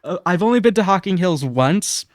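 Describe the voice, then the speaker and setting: A man's voice: high voice, animated, slight background noise. Young guy with a light Ohio accent. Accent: subtle Ohio. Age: 20s. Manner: rambling, swears freely, quick laughs. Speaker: streamer. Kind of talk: casual chat while gaming.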